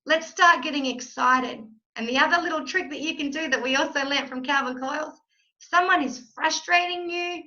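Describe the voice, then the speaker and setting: High, bright-voiced woman coaching with punchy emphasis. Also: muffled recording. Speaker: mindset coach. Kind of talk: motivational masterclass talk.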